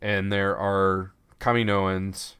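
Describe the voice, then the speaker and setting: A man's voice: sits low, level tone, slow pace, fairly bright tone, clear, resonant tone, no echo, studio quality. A man co-hosting a podcast, chatting casually, cursing freely and retelling scenes with acted-out lines. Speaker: podcast co-host. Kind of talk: casual chat.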